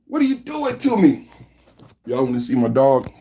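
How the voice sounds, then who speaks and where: A man from San Francisco hosting a live political podcast, talking loudly and animatedly as he reads out the chat. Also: mid-range voice, moderate pace, pauses often. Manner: loud and animated, reading chat aloud. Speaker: podcast host. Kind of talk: live-stream political commentary.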